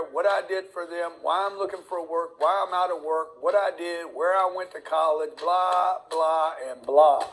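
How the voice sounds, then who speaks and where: A man's voice: high voice, rough recording. A man giving motivational career advice, emphatic and fond of long repeated lists. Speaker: career coach. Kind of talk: motivational talk to camera.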